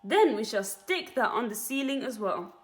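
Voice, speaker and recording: A woman voicing an excited, bossy male monkey father who shouts urgent orders at everyone. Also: on the high side, moderate pace, natural voice.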